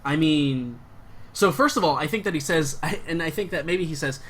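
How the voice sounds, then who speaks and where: A man's voice: a little high, moderate pace, a bit bright. A young man narrating a tabletop game as game master, casual and rambling. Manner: casual, rambling, lots of fillers.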